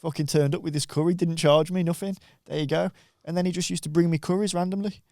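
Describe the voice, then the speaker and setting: A man's voice: a little high, fairly even intonation, fast talker, mellow, no room sound, clean studio sound. A young man, a podcast guest telling anecdotes casually and swearing freely. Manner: laughing, swearing, storytelling with quoted voices.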